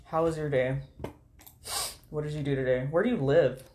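Very low-voiced woman muttering and cursing. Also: steady tone, normal speed, background noise. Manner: muttering to herself, swears often, reads listings aloud. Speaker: vlogger. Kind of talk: casual talk while job hunting online. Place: at home at a computer. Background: keyboard typing.

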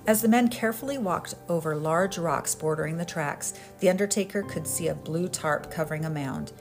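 Woman reading a story out loud, low gravelly voice, flat about the grim bits, music behind. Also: fairly quick. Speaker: podcast host and narrator. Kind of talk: storytelling narration.

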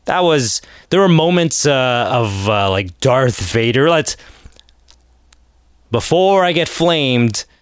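A man hosting a podcast alone, rambling in a casual rant with sarcasm and sudden animated outbursts. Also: mid-range voice, slow, clean tone, no room sound. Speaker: podcast host.

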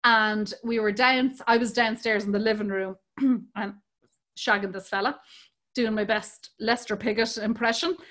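Irish woman, high bright voice, bawdy casual storyteller. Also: steady tone, measured pace. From Ireland. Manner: bawdy, laughs through her stories.

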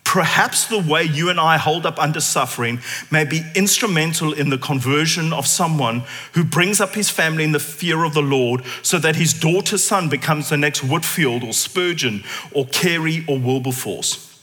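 Male preacher, high bright voice, theatrical sermon, long hall reverb. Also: moderate pace. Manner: animated, theatrical, shifts to hushed intensity. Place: church.

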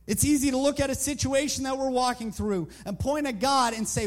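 A man's voice: extremely high pitch, brisk, hardly any pauses. A man preaching a sermon, telling a story with emphatic repetition.

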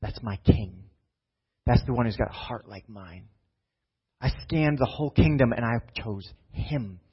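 A man's voice: mid-range voice, animated, unhurried, slightly rough. A man voicing God declaring his chosen king, in an emphatic, rising delivery within a sermon. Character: God choosing a young king, male. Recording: dull lo-fi sound.

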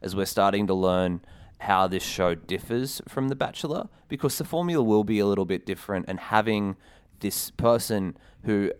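A man's voice: on the low side, normal speed, clean tone. A man co-hosting a podcast, talking through a reality show with dry, wry humor. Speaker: podcast co-host. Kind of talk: casual recap chat.

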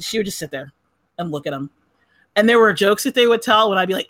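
Woman from southern california, live call-in host, lively swooping pitch, swears freely, dry close sound. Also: fast, no room sound. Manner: profane, chatty, laughs often. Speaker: podcast host taking calls. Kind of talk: casual live chat show.

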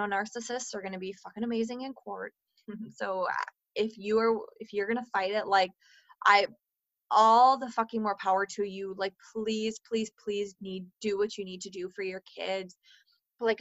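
A woman's voice: medium pitch, steady tone, moderate pace, fairly bright tone, dry recording, highs cut off. A woman in her thirties speaking candidly to listeners about co-parenting, earnest and full of "like" fillers, swearing freely. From Minnesota, US.

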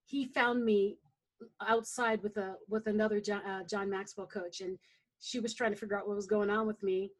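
A woman's voice: medium pitch, moderate pace. A woman coach chatting casually and telling stories, acting out what others said. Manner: animated storyteller, acts out quotes. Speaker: coach guest. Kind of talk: casual conversation.

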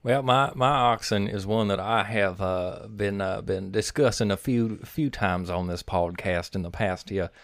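A man with a lowish voice co-hosting a podcast, measured and mock-formal in his replies. The recording is close and dry, with no room sound. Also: no room sound. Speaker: podcast co-host. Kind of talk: casual podcast banter about fantasy football.

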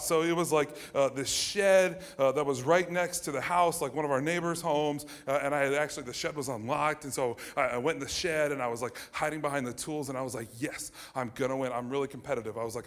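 A man in his thirties from the United States, telling a personal childhood story to an audience in an animated way with many fillers and restarts. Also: medium pitch. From United States (Ohio). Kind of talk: personal anecdote told to an audience.

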